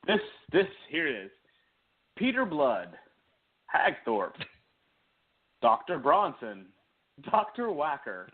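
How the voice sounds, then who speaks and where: Halting man reading lists, tinny line. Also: fairly high pitch, big pitch swings, slightly rough. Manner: hesitant, repeats himself while reading lists. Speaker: podcast co-host running a quiz game. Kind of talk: casual chat. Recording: tinny phone-like audio.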